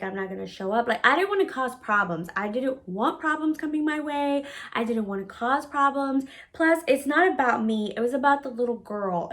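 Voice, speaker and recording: A woman casually telling a story from her own life. She talks bluntly, swears freely, uses lots of filler words, and acts out her own past words as she goes. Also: fairly high pitch. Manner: animated retelling, often acting out her own past words. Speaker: storytime vlogger.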